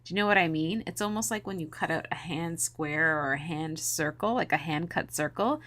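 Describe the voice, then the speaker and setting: A woman's voice: low voice, normal speed, a bit bright. A woman in her thirties, hosting a scrapbooking video, chatting casually to viewers in a morning voice, upbeat and rambling with frequent laughs. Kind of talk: casual chat to viewers while crafting.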